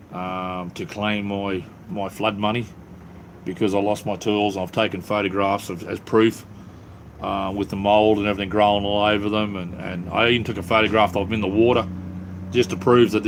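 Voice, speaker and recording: With a fairly low voice and slight background noise, a middle-aged man with an Australian accent hosts a livestream. His style is rambling and easygoing, heavy on ums, and he sits in a cleared-out space beneath his house.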